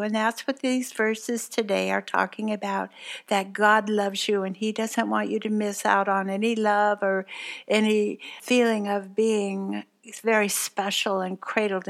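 A woman's voice: mid-range voice, vocal fry. Older woman giving a tender devotional. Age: 70s. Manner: tender, earnest, encouraging; vivid personal storytelling. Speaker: co-host, Bible teacher. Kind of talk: devotional talk, warm storytelling.

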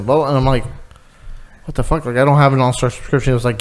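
A man's voice: medium pitch, fairly even intonation, fast talker, smooth. A man chatting casually, telling stories with lots of swearing and acted-out quotes. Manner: swearing, storytelling with quoted voices. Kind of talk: casual chat.

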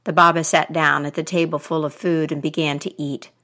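A woman telling a folktale aloud in a deliberate, expressive way. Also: low voice. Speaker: storyteller.

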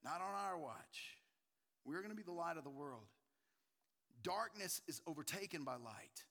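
A male pastor preaching a sermon with passion, swinging from loud urgency to hushed emphasis. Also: a little high, in a large hall.

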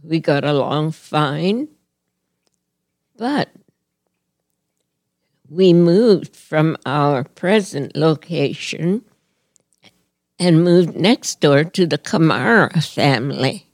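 An older woman from Hawaii slowly telling a personal story from her childhood, with an earnest, gently reflective manner. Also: sits low, no echo, studio quality. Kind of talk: personal reminiscence.

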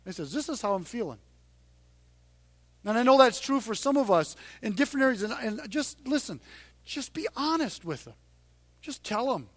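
High-voiced pastor preaching conversationally. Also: male voice, very animated, moderate pace, dry recording. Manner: conversational, swings from hushed to loud and emphatic. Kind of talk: sermon.

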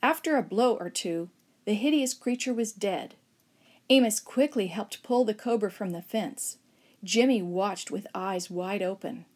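A woman narrating a children's Bible story aloud, lively and expressive, raising her voice for shouted lines. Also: mid-range voice, a little slow. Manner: expressive, acts out shouts and whispers.

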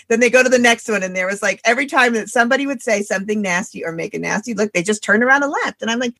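Gravelly, passionate woman chatting about a book. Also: a little high, fast talker, few pauses, no echo, studio quality. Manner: passionate, animated, sarcastic asides. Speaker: podcast co-host. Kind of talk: casual book discussion.

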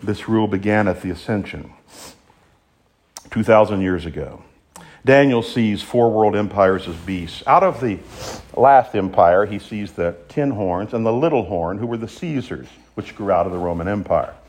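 A man's voice: fairly low pitch, normal speed. A male preacher delivering a sermon in an emphatic way, building up to strong exclamations. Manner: animated, emphatic, rises to exclamations.

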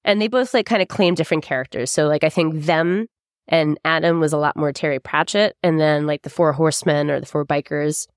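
Lady on a podcast rambling thru a story, lowish voice, laughs a lot, dry close sound. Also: brisk, dry recording. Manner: chatty storyteller, swears freely, laughs often. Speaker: podcast co-host. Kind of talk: casual chat.

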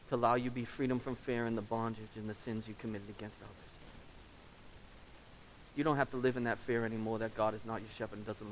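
A man's voice: mid-range voice, slight background noise, rough recording. A male pastor preaching a sermon in a church, earnest and emotional, pleading with his listeners and then leading them in prayer. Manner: earnest, pleading altar call.

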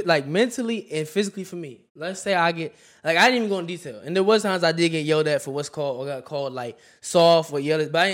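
Man, slightly high voice, casual slangy storyteller on a podcast. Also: fairly bright tone. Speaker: podcast host.

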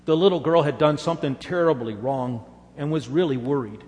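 A man's voice: a little high, fairly quick, a little mellow, big-room sound. A man preaching a sermon, telling stories earnestly and making emphatic assurances to his congregation. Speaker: pastor.

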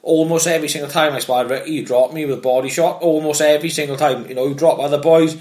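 A man and former amateur boxer, telling animated, swear-filled anecdotes in casual chat. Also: on the high side, fast talker.

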